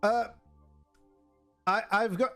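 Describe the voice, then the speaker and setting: Streamer, man, southern French accent, native French speaker, slightly high voice, halting casual English, faint music behind. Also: fairly even intonation, sharp tone. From southern France. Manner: halting English, searching for words. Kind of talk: casual chat.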